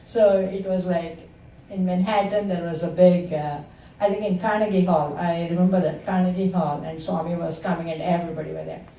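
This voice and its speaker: A woman in her sixties tells her devotional story in an earnest, halting way, her voice warm and dark. She sounds some way off the microphone in a roomy, echoing hall, with a faint hiss behind her. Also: lowish voice, steady tone, gravelly. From India. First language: Telugu. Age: 60s. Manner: earnest, personal storytelling with hesitations. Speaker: satsang speaker. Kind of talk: devotional testimony to a gathering. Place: meeting hall of a spiritual center. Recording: roomy sound from far off the mic.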